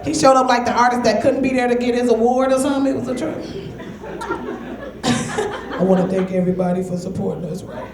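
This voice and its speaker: A woman from Michigan doing stand-up comedy, telling stories in a loud, brash way with big exclamations. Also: on the high side, fast talker, pauses often. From Michigan, USA. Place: comedy club stage before a live audience. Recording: echoey club with loud crowd.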